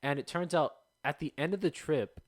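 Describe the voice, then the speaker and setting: A young man hosting a podcast, telling stories in an animated way with laughter. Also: a little high, moderate pace. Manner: animated, laughing, acts out voices. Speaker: podcast host. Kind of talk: casual storytelling chat.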